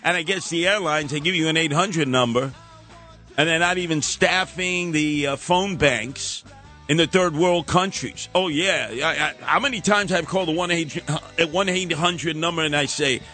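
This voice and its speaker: A man's voice: on the high side, normal speed, sharp tone, soft background music. A man hosting a talk radio show, ranting sarcastically with mocking sing-song asides.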